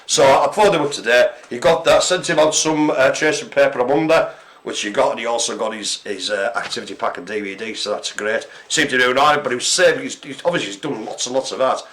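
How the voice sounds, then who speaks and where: On a live care-centre broadcast, a male co-host swaps jokey stories in casual chat full of fillers. His medium-pitched voice moves at a quick pace with a fairly bright tone.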